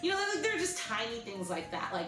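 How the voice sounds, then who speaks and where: A young woman telling a story in a casual vlog, chatty and animated, with "like" in nearly every sentence. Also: fairly high pitch, fast talker, reverberant, music in the background. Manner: chatty, animated, heavy use of "like". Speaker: vlogger.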